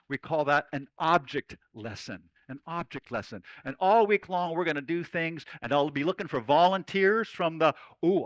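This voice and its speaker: A man's voice: high-pitched, fairly bright tone, no room sound, rough recording. A man speaking as a folksy cowboy storyteller, giving a playful chapel talk to children at camp. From Oregon.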